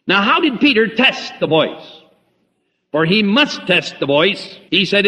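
A man preaching a sermon, dramatic, swinging between loud emphasis and hushed low tones. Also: big pitch swings, a little slow. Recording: muffled lo-fi recording in a reverberant hall.

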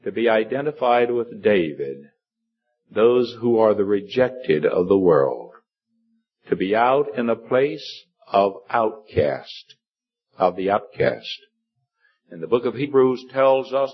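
With a husky, expressive voice, a man preaches slowly and earnestly, wandering in his remarks, lifting his pitch to stress points, and leaning on many fillers. The lo-fi recording has a dull sound.

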